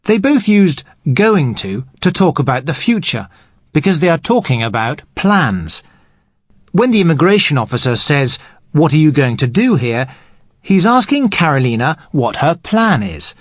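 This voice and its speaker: A man teaching English on a podcast, explaining grammar patiently and clearly. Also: fairly high pitch, big pitch swings, moderate pace, no echo, clean studio sound. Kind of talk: explanatory language lesson.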